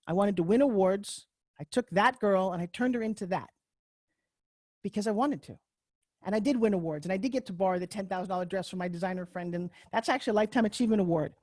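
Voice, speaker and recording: A woman's voice: mid-range voice, a little mellow, no room sound. A middle-aged woman with a Long Island New York accent, telling her life story on a video call in a brash, candid, self-mocking way and swearing freely. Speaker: speaker giving a talk on a video call. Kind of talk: personal storytelling talk. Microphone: computer mic on a video call.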